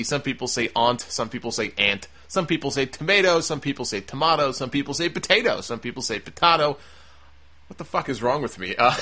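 Casting note: bright, forceful male podcaster, sarcastic and profane, riffs fast on last night's wrestling. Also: a little high. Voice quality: sarcastic, animated, swears freely. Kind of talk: casual profane recap and rant.

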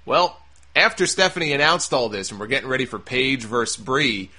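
A man's voice: mid-range voice, fairly quick. A man hosting a podcast, recapping wrestling in a casual, sarcastic, profane rant. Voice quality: sarcastic, animated, swears freely.

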